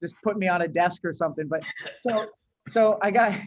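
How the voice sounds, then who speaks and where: Speaking briskly in a high voice, a New England agency owner chats casually as a podcast guest, slangy and loose, calling people "dude" and often restarting. The dull, dry lo-fi recording has no echo.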